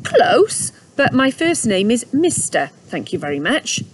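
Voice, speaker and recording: A woman's voice: fairly high pitch, very animated, a little slow, noisy background. A woman reading a children's story aloud and voicing a polite, determined male dog in her near-normal voice. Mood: prim. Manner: prim, well-mannered and determined. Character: polite, brave male dog, gentlemanly and dogged.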